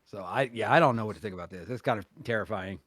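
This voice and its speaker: A man's voice: fairly low pitch, fast talker, fairly bright tone, no room sound, studio quality. A man co-hosting a podcast in casual chat, rambling with frequent restarts and easy laughter. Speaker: podcast co-host.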